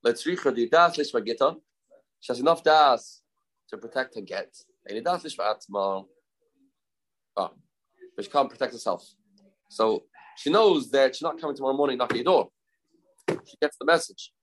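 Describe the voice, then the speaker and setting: A man's voice: medium pitch, lively intonation, normal speed, long pauses, a bit bright, low-quality recording. A man teaching a daily Talmud class, mixing English with Hebrew and Aramaic terms and asking rhetorical questions.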